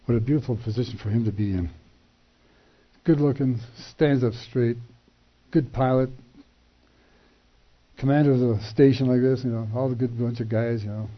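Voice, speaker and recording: An older man telling a personal testimony, acting out the dialogue with animated shifts in voice and chuckling between lines. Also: medium pitch, moderate pace, pauses often. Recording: dull lo-fi recording.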